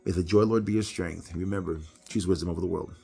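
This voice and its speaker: A middle-aged man giving a casual Bible devotional talk, telling personal stories with animated, rising delivery. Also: racing, vocal fry, breathy edge, soft background music. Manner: animated storytelling, jumps high when acting out others. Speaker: preacher.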